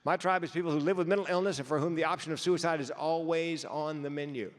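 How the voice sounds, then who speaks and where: A man's voice: a little high, steady tone, fast. A man giving a keynote speech, telling stories with comic timing and sometimes stumbling over repeated words. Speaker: keynote speaker. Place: conference hall. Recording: long hall reverb.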